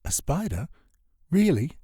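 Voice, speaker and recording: A man's voice: a little high, sing-song, measured pace, warm tone, husky, no room sound, full character voice. A man voicing a young woman shopkeeper who talks in a dry, tired, skeptical way. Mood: wry. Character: grumpy young woman who runs a shop.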